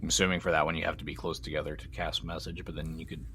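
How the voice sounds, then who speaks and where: A man narrating calmly and descriptively as game master of a tabletop game. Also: rumbling low, very fast, slight background noise.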